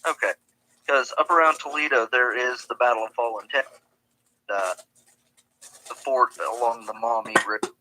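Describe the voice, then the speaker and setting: Male voice-chat guest, mid pitch, very bright tone, easygoing and hesitant. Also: fairly even intonation, normal speed, long pauses, low-quality recording. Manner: laid-back, hesitant with fillers. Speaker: voice-chat participant. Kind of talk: casual chat.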